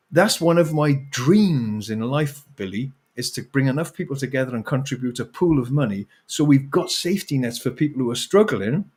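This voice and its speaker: Animated man ranting passionately. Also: medium pitch, breathy edge. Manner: animated ranting with swearing and laughs. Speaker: author guest. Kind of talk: impassioned interview talk.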